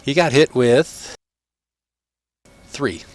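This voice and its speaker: A man's voice: mid-range voice, expressive, extremely slow, dry recording. A man running a tabletop game as game master, narrating casually with many fillers.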